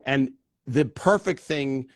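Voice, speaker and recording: A man's voice: medium pitch, slow, dry recording, clean studio sound. A man hosting a casual interview, chatty and prone to digressions. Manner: chatty, digressive, laughs often. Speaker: host.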